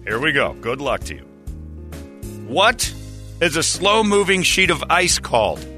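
A man's voice: on the high side, very animated, a little slow, sharp tone, soft background music. A male radio host running a call-in quiz, joking and teasing callers, laughing often. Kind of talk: playful on-air quiz banter.

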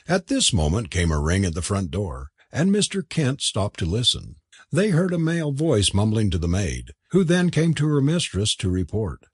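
A man narrating an audiobook in a measured storytelling manner. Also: on the low side, huge pitch swings, husky, dry recording, clean studio sound.

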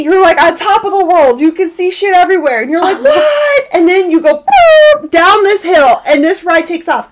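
Podcast co-host woman, fairly high voice, animated, laughs a lot, voice jumps up when excited. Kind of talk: casual storytelling chat.

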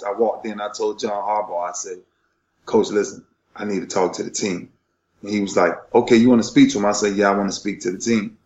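A middle-aged man telling an emotional story with passion, often repeating himself and swinging between loud and soft. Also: lowish voice, reverberant, highs cut off. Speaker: retired football player telling his story.

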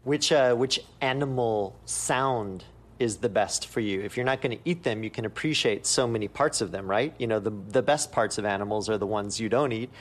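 A man hosting an interview, gently prompting his guest with casual follow-up questions. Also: fairly low pitch, normal speed. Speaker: podcast interviewer.

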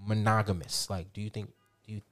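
A man's voice: lowish voice, fairly even intonation, brisk, music in the background. A man in casual group chat who asks questions hesitantly and often trails off.

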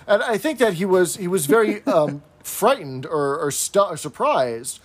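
Man recapping a sitcom in casual chat. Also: sits high. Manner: animated, recounts scenes with quick quoted impressions. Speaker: podcast co-host.

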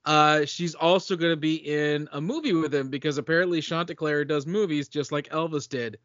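A man's voice: on the high side, fairly even intonation, moderate pace, a bit bright, no echo, muffled recording. A man co-hosting a casual movie-review podcast, tossing out wry jokes and asides. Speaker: podcast co-host.

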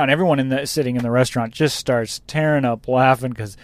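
A man's voice: mid-range voice, fast talker, hardly any pauses, no room sound. A man who drives a truck, chatting casually and rambling about his day on the road. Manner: rambling, laughs at own story. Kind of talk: casual chat.

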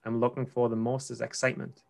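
A man's voice: medium pitch, flat delivery, fast talker, gravelly. A man with a Geordie accent, a trader talking casually and rambling with restarts. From North East England. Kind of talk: casual conversation.

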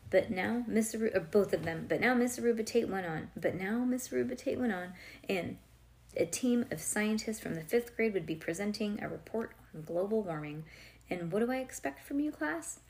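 A young woman reads a children's chapter book aloud in a lively way, stopping now and then for playful asides to someone sitting close to her. Her voice sits at an ordinary middle pitch. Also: normal speed. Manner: lively, breaks off to chat and joke with a listener nearby. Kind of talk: reading a storybook aloud with asides.

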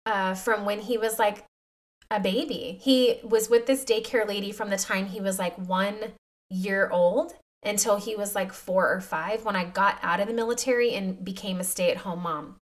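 A woman's voice: medium pitch, normal speed. A woman in her thirties hosting a faith-based podcast, talking to her listeners in a confiding, emotional way. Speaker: podcast host. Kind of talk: heartfelt faith-based talk.

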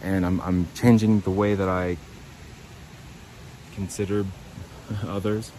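A man hosting his own podcast talks to himself outdoors by a creek, rambling from thought to thought. His voice sits a little low. He swears freely and pokes fun at himself, with faint outdoor noise around him. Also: little pitch movement, takes it slowly, warm tone, low-quality recording. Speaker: podcast host.

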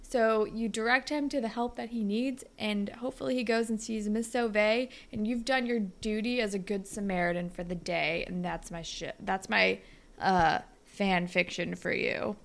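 With a gravelly, mid-range voice, this young woman co-hosts a podcast at a moderate, steady pace. She chats casually, telling meandering stories packed with "like."

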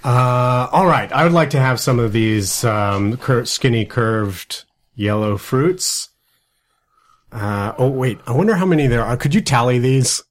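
A man's voice: medium pitch, measured pace, close to an everyday voice. A man voicing an easygoing, peacemaking male starship captain in improvised role-play.

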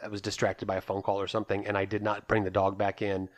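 A man's voice: lowish voice, completely flat delivery, fast. A man co-hosting a podcast who recounts events step by step in casual, matter-of-fact chat. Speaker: podcast co-host.

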